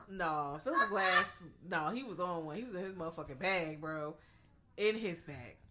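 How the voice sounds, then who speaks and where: A woman in casual movie talk who is blunt and profane and laughs a lot. Her voice sits at an ordinary pitch with a bright, sharp tone. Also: lively intonation, a little slow. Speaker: podcast co-host. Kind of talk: casual movie review chat.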